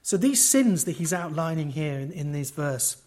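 Man, conference preacher, expository sermon, emphatic, wry asides, high voice. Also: animated, moderate pace. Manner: emphatic, with wide swings in loudness.

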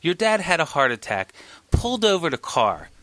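A man's voice: fairly high pitch, moderate pace, dry recording. A man co-hosting a casual podcast, reacting with profane disbelief and retelling the story. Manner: profane, animated, laughs at the story. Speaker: podcast co-host. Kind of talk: casual chat.

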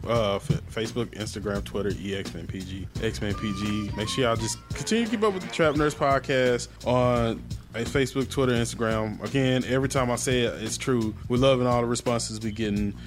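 Brief: easygoing young male podcast host, clear music bed behind. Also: medium pitch, fairly quick. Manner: relaxed, closes the show. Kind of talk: casual chat.

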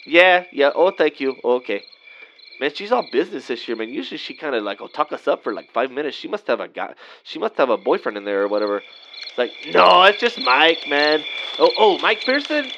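Guy doing a chill dude, high swoopy voice, rambly slangy drawl, kinda muffled lo-fi sound. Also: big pitch swings, brisk, bright, forceful tone, slight background noise, heavily acted. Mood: laid-back. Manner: rambling, drawled, slangy, peppered with "man" and "vato". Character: laid-back Mexican-American guy trick-or-treating with buddies.

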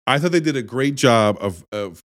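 A man in a casual movie review chat, speaking with a very lively, swooping pitch. He swears freely, laughs often and hits his points hard. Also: normal speed. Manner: animated, profane, laughing, emphatic. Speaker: podcast co-host.

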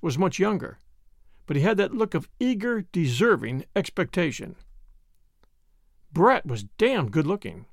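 A man's voice: fairly high pitch, gravelly, dry recording, studio quality. A man reading a first-person literary story aloud in a wry, understated manner. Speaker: audiobook narrator.

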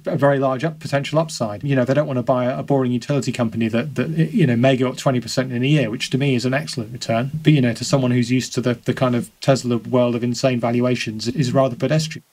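A man speaks as a guest on an interview podcast at a brisk clip. His pitch sits in an ordinary middle range, and he works through ideas aloud, stumbling and repeating words as he goes. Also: fairly even intonation, darkish tone. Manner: thoughtful, repeats words as he thinks. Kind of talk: conversational interview.

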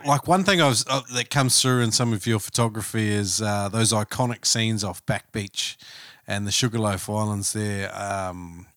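Brief: podcast host, man with a lowish voice and a dry, close sound, halting and casual. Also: steady tone, fairly bright tone, dry recording. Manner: hesitant, searching with ums and likes. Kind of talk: interview questions.

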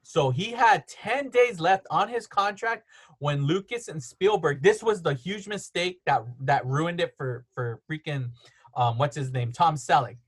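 A man's voice: on the high side, lively intonation, slightly rough. A man hosting a casual podcast chat at home, rambling through film trivia and laughing often. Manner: rambling, storytelling with quick laughs. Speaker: podcast host.

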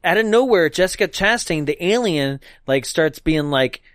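A man in casual chat, recapping a movie with lots of swearing and quick acted-out character bits. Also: a little high, expressive, fairly bright tone, no room sound, studio quality.

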